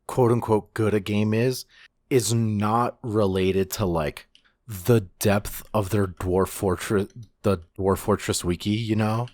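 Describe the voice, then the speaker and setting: Podcast guy, lowish voice, slow, rambly w/ swearing, super dry mic. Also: fairly even intonation, darkish tone, dry recording. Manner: rambling, swears casually, many restarts. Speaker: podcast co-host. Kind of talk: casual podcast chat.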